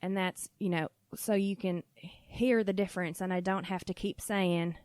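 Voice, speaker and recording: A woman podcast host telling a funny family story in a casual, animated way, laughing often and swearing freely. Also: mid-range voice, normal speed, few pauses, clean tone, no echo, studio quality.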